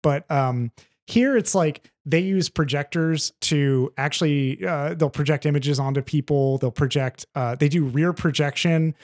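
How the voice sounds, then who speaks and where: Man, podcast co-host, casual film chat, rambling, animated, cursing, fairly high voice. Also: unhurried. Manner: animated and rambling, swears freely. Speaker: podcast co-host reviewing films.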